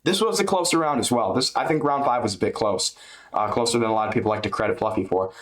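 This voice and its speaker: A man's voice: fairly low pitch, quick pace. A man giving a loose, chatty fight recap on his channel, swearing and dropping man and dude, speaking into a webcam. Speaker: MMA YouTuber.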